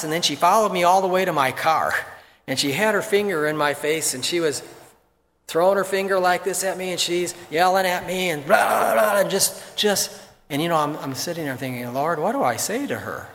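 A man's voice: high voice, a bit bright, slight background noise. A pastor giving a sermon in an earnest, conversational way, repeating words as he goes. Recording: long reverb from a large hall.

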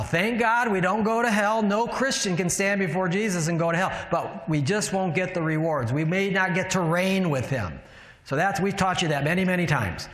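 Male preacher, conversational teaching sermon, slightly high voice, recorded in a reverberant hall. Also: fairly bright tone. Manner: conversational, asks the room rhetorical questions. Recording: echoey hall with long reverb.

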